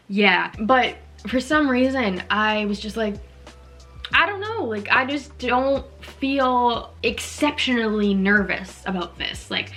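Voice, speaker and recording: A woman's voice: medium pitch, fairly bright tone. A young woman vlogging casually to camera, chatty and emotionally open, saying "like" a lot.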